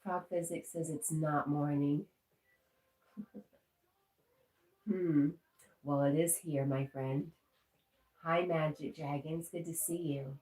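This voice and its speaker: A woman's voice: deep voice, steady tone, slow pace, long pauses, dark tone. A woman hosting a casual livestream from home, chatting with viewers and talking to her pet. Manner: chatty, talks to her pet and reads viewer comments aloud. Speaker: livestream host. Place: home indoors. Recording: roomy echo, mic at a distance, faint noise.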